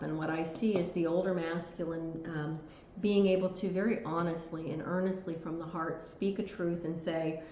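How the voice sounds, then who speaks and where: In an echoey room with slight background noise, a woman gives a tarot reading in a low, mellow voice. She speaks earnestly and reassuringly, often checking in with "okay?".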